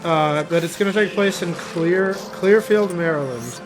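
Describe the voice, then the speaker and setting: A man's voice: high-pitched, a little slow, over music. A man streaming and chatting casually, rambling and interrupting himself while he talks. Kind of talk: casual chat while gaming.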